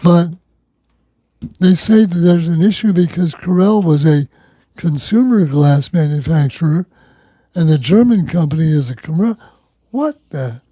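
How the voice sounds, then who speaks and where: A man's voice: a little high, moderate pace, warm tone, no room sound. A man hosting a local talk radio show, reading news items in a conversational, wry way.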